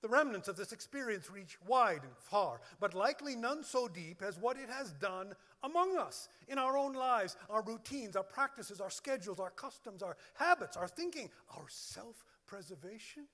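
Male pastor, high animated voice, emphatic sermon delivery, echoey hall. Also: normal speed, few pauses. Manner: emphatic, lists words one by one. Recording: long hall reverb.

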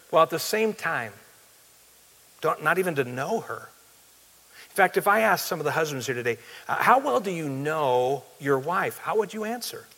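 A man's voice: on the high side, a bit bright. A male pastor preaching a sermon in an earnest, plain-spoken way, asking the congregation direct questions. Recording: long hall reverb.

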